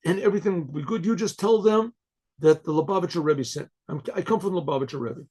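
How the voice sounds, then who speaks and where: A man telling a story who voices an elderly rabbi, reassuring and certain, in a gravelly, husky tone. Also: a little high, fast, darkish tone.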